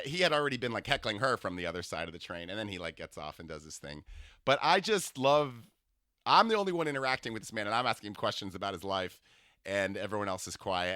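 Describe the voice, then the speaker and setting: Bright, rambling comedian telling a story. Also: male voice, fairly low pitch, expressive, fairly quick, no echo, studio quality. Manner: rambling, self-interrupting storytelling. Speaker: comedian podcast host. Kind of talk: comedic solo monologue.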